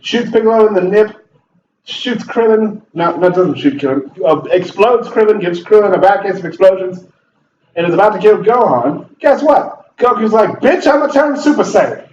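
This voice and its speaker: A man's voice: high-pitched, animated, moderate pace, darkish tone, reverberant, far from the mic, highs cut off. Heated, profane man ranting over gameplay. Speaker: gaming channel host. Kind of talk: ranting commentary while playing a game.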